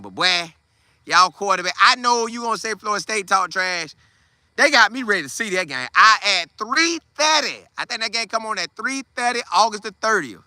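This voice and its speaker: A man hosting a casual football commentary show, talking in an animated, slangy way. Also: sits high, dry recording. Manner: animated, trash-talking, Southern Black vernacular slang. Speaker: sports podcast host.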